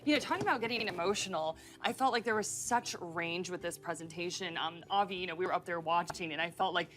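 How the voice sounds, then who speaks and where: A woman's voice: on the low side, fast talker. A woman hosting a gaming livestream, bubbly and giggly as she reads sponsor lines and hands off to guests. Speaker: livestream host. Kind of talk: casual hosting chat. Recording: loud music bed under the voice.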